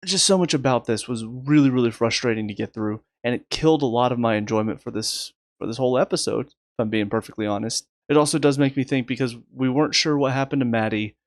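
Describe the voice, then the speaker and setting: A man talks through his review of a TV episode at a middle pitch, sounding exasperated and sarcastic. He often restarts his sentences. The recording is dry and close, with no room sound. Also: no room sound. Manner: rapid recaps in a flat list. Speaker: TV review host. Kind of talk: casual video review.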